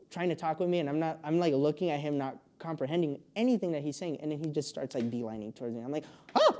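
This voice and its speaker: A man's voice: fairly high pitch, dark tone. A young man telling a long story as a podcast guest, rambling with lots of fillers and frequent laughs. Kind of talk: casual storytelling.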